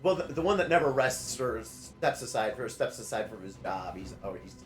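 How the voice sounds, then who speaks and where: A man's voice: medium pitch, sing-song, moderate pace. A man narrating a tabletop game as game master, hesitant and full of fillers. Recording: roomy sound with music behind.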